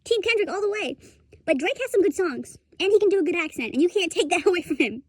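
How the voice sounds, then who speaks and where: High-voiced young woman ranting casually. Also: animated, quick pace, no room sound. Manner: rambling, profane, laughs often. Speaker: streamer commentator. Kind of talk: casual rant commentary.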